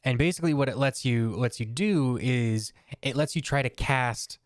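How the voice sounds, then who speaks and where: A man playing a tabletop game, talking in a relaxed, chatty way. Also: mid-range voice, normal speed, dry recording, studio quality. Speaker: player. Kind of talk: casual tabletop game chat.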